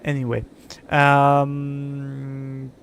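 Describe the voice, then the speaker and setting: Young man streaming, unhurried, grumbling and cursing, faint hum behind. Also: mid-range voice, monotone, gravelly. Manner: frustrated, swearing, muttering to himself. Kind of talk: live gameplay stream chat.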